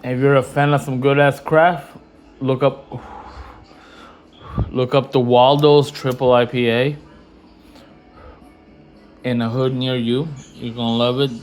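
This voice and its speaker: A man ranting casually to camera in slangy, profane talk, getting louder when he is indignant. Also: medium pitch, slow pace, pauses often, soft background music, poor audio. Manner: slangy, animated, swears freely; rising loud when indignant. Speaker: investing vlogger.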